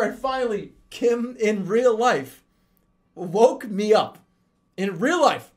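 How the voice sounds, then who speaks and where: A man's voice: very high voice, animated, unhurried. A young adult man, a streamer, telling a story in casual, profane speech with frequent laughter.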